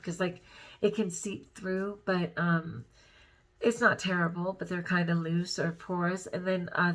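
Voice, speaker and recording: A woman vlogger talking casually to her viewers, rambling and giggly, overtired and close to tears. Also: lowish voice. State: overtired and upset. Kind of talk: casual personal vlog.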